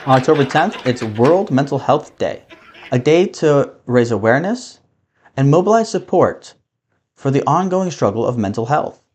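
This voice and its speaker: A man's voice: mid-range voice, moderate pace, slightly rough. A man hosting a comedy show, delivering a monologue of jokes about holidays. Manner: deadpan jokey delivery with put-on voices. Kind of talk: stand-up monologue.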